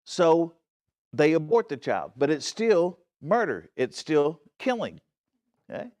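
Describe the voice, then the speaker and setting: A man's voice: a little high, very animated, slow pace, a little mellow, muffled recording. A man with a slightly raised voice teaching a Bible study from the front of a church. He talks earnestly and stresses his points, often checking that his listeners are following. He restarts phrases and corrects himself along the way. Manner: frequent restarts and self-corrections.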